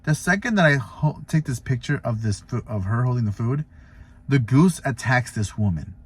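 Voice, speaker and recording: A stay-at-home dad who drives deliveries, telling a funny story in a casual vlog and leaning heavily on fillers like "you know" and "like". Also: male voice, medium pitch, expressive, moderate pace, breathy edge. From Florida.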